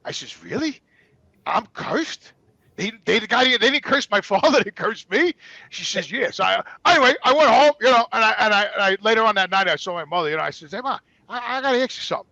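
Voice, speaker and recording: A man's voice: high voice, a little fast, gravelly, no echo, highs cut off. An older man in his sixties with a New York accent, telling blunt, profane stories from his life as a talk show guest. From New York, USA. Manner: blunt, profane, animated retelling. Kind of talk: casual storytelling.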